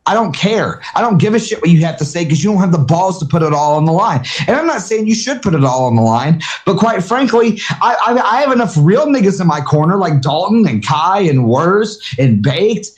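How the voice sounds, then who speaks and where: High-voiced man ranting heatedly. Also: sing-song, fairly quick, hardly any pauses. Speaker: host of an audio chat room. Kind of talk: casual live audio chat.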